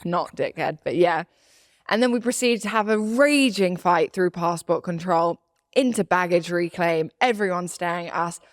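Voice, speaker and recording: Lively woman telling a story, dry sound. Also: fairly low pitch, normal speed, dry recording. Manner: animated, laughing, acts out quotes. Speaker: podcast co-host. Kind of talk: casual storytelling chat.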